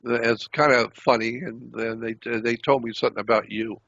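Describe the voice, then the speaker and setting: A man's voice: medium pitch, steady tone, normal speed, fairly bright tone, breathy edge. An older man telling a story at length, repeating himself as he recounts what was said to him. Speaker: interview guest. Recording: dull lo-fi recording.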